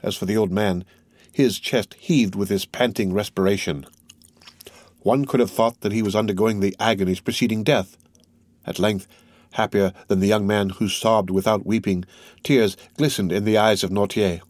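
Low-voiced male audiobook narrator. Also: fairly even intonation, moderate pace, darkish tone, no echo. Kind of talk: scripted narration of a classic novel.

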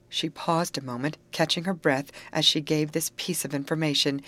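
Low-voiced woman reading a storybook. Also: steady tone, moderate pace, few pauses, dry recording. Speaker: audiobook reader. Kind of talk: scripted narration.

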